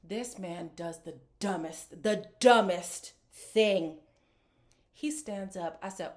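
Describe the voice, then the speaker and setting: A woman's voice: medium pitch, expressive, measured pace. A woman hosting a reality TV recap, talking casually and frankly and acting out what the cast said. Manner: candid, frank, acts out quoted lines. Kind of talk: casual reaction commentary.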